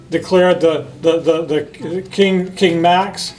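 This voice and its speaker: Man, high-pitched, unhurried storytime reader who explains the pictures to kids. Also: faint music behind, low-quality recording. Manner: gentle, explains the pictures to children; reads each passage in French then in English. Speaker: library director reading a picture book. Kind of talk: children's storytime read-aloud.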